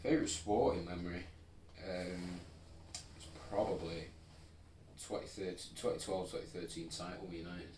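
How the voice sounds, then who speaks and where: A man's voice: deep voice, fairly even intonation, normal speed, darkish tone. A young man co-hosting a podcast in a laid-back, rambling chat full of fillers. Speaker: podcast co-host. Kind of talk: casual chat. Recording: roomy, distant mic, faint noise.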